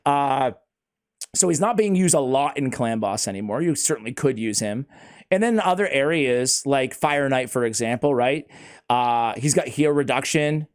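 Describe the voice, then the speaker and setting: A man hosting a casual gaming chat, excitable and laughing often, talking like he's with a buddy. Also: medium pitch, normal speed. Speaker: host.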